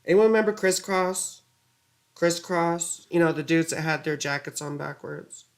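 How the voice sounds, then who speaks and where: A woman's voice: on the low side, moderate pace. A woman astrologer giving a casual astrology lesson, easily flustered, muttering curses and wandering into rambling asides.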